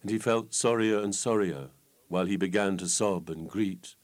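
A man reading an old folk tale aloud with lively, expressive storytelling. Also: sits low, moderate pace.

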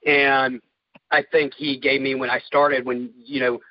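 A man speaks candidly in an interview, halting and heartfelt, full of fillers and restarts. His voice sits at an ordinary pitch. The sound is dry and a little muffled. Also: flat delivery, no room sound. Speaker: guest, caregiver.

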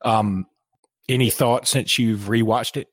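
A man's voice: mid-range voice, steady tone, a little slow, no room sound. A man with a Southern US accent hosting a sports podcast, chatting casually and cracking dry jokes. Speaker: podcast host.

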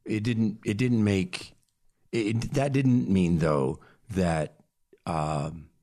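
A man guest telling a personal story in a hesitant way, pausing and searching for words. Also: sits low, steady tone, dark tone. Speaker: interview guest.

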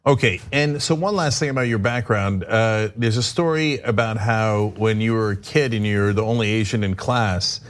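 A male host asking interview questions in a playful way, quick to laugh. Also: lowish voice.

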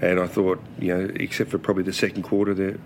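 Deep-voiced Australian football coach. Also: male voice, little pitch movement, fast talker, noisy background. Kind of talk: post-match press conference.

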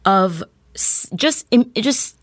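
A woman's voice: mid-range voice, animated, slow pace, no echo, studio quality. A woman hosting a casual podcast conversation, playful and thoughtful as she asks questions.

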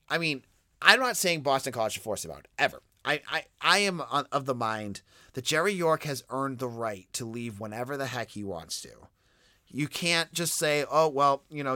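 A young adult man hosting a solo sports podcast, talking in an animated, conversational way with frequent restarts. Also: medium pitch, no echo, studio quality. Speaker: podcast host.

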